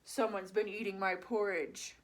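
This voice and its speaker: A woman voicing a big father bear in a storybook tale, lowering her voice gruffly. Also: flat delivery, a little slow, distant mic, close to an everyday voice. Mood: suspicious.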